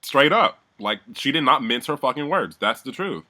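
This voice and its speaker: A man's voice: medium pitch, lively intonation, moderate pace, pushed and bright. A man giving a heated, profane recap of a reality show, talking animatedly and mimicking the people he describes. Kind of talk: heated casual recap rant.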